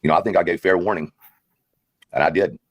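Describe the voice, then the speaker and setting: A man in a played livestream clip, talking in a brisk, threatening way to his critics. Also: low-pitched, no echo. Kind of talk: livestream talk.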